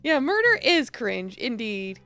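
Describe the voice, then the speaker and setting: A woman's voice: a little high, sing-song, measured pace, bright, forceful tone, clear, resonant tone, faint music behind. A woman streamer chatting playfully through a live game playthrough, often laughing and reacting to the dialogue.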